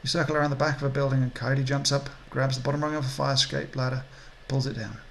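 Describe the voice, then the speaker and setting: A man's voice: mid-range voice, fairly even intonation, fast talker, vocal fry, a bit bright, a little hiss or hum, rough recording. A man hosting a game playthrough, reading the story text aloud with casual asides. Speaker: let's play host and reader.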